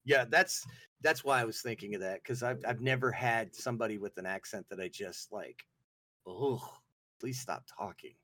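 Talking a little fast in a lowish voice, the Southern man co-hosts a relaxed, comedic podcast conversation. His accent is clearly Southern, he's animated and full of jokes, and he plays out silly voices over slight background noise.

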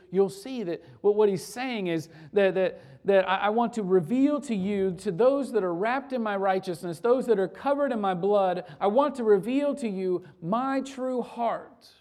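A man preaching a sermon in a conversational way. He often restarts his words and drops into soft, hushed stretches. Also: high voice. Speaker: pastor.

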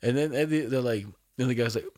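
A man's voice: mid-range voice, fast talker, a little mellow, dry recording, clean studio sound. A young man hosting a casual podcast, telling a story in a rambling, slangy and profane way with lots of fillers. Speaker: podcast host.

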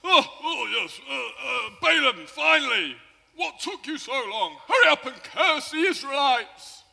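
An irritable, impatient king, played by a performer in a church skit blusters and demands. The voice is high and gravelly, and it comes from far off in a reverberant hall. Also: expressive, measured pace, sharp tone, full character voice.

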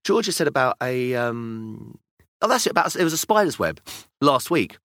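Lively British dad telling stories. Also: male voice, mid-range voice, moderate pace, no room sound, clean studio sound. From United Kingdom. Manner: animated storytelling, acting out kids' voices. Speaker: podcast co-host. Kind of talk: casual chat.

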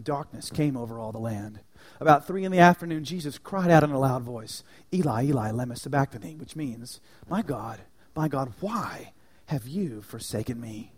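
A male pastor preaching a sermon, swinging from hushed, near-whispered lines to loud, ringing declarations. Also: mid-range voice. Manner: dynamic preaching, dropping to near-whispers and rising to shouts.

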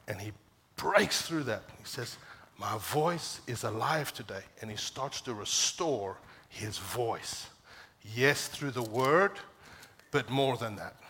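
A man preaching a sermon as pastor, passionate, climbing to emphatic peaks and dropping low and quiet when quoting scripture. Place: church.

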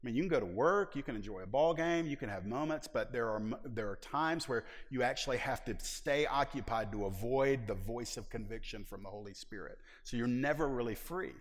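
A man preaching a sermon as pastor, emphatic and folksy, moving between loud stressed lines and soft low passages. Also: lively intonation, a little fast, hardly any pauses. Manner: emphatic, drawls folksy phrases. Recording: long hall reverb.

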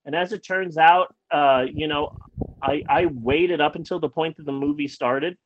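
A man's voice: on the high side, normal speed, highs cut off, a little hiss or hum. A man casually telling a long personal anecdote as a podcast host, rambling with restarts and acting out what people said. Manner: animated, acts out quoted lines.

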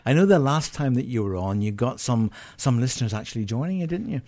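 A man hosting a community radio show in a studio, chatty and quick to laugh, stumbling over his words now and then. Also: mid-range voice, expressive, a little mellow. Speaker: radio host. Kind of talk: casual radio chat. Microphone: studio mic.

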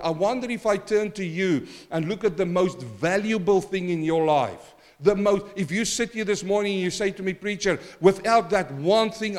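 A man preaching a sermon as pastor, swinging from quiet stretches to loud emphatic swells and calling on the congregation. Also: high voice. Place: church.

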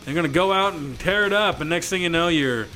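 A man's voice: on the high side, fast talker, pushed and bright, faint music behind. A man in his thirties, co-hosting a podcast and rambling through stories with frequent laughter. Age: 30s. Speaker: podcast co-host. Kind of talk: casual podcast banter.

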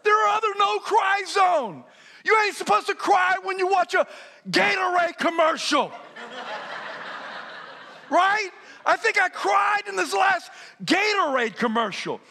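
Bright-voiced high-pitched preacher man in his fifties. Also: a little slow, vocal fry. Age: 50s. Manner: animated storytelling, often shouting with laughter. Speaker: pastor. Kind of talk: energetic sermon.

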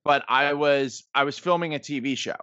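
A man's voice: mid-range voice, moderate pace, pushed and bright, no room sound. A man in his thirties, a podcast guest, telling stories in a casual, rambling way full of "like" and "um". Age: 30s. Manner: rambling, heavy use of "like" and "um". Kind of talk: casual storytelling. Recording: dull lo-fi podcast audio.

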